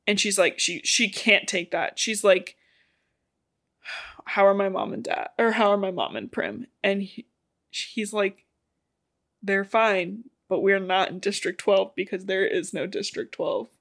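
A woman's voice: medium pitch, expressive, measured pace, a bit bright. A woman co-hosting a podcast, casually retelling a novel's plot in a chatty way with the odd swear word. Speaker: podcast co-host. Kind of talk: casual book recap chat.

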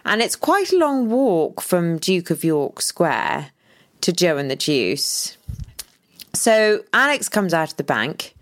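A woman, co-hosting a podcast and telling a story in a lively, dramatic way, often stopping to restart her sentences. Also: on the low side, slow. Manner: animated, dramatic retelling with restarts. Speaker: podcast co-host. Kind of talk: casual storytelling chat.

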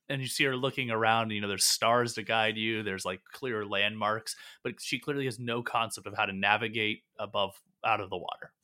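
A man's voice: fairly low pitch, brisk, hardly any pauses. Man running a tabletop game. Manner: rambling, relaxed, with many fillers. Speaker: game master.

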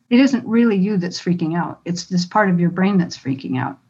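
A woman stage fright coach explaining her methods as a guest in a calm, reassuring way. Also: mid-range voice, muffled recording.

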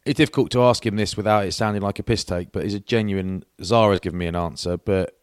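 Brief: low-voiced male co-host, cocky joking banter, dry close sound. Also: fast, clean tone, no echo. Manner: boastful, jokey, mate-ish. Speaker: podcast co-host. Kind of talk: casual banter.

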